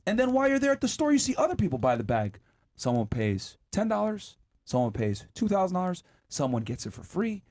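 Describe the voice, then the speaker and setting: A man's voice: high voice, wildly swooping pitch, brisk, darkish tone, no room sound. A man hosting a podcast panel who spins a hypothetical scenario full of swearing. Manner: profane, storytelling hypotheticals. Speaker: podcast host.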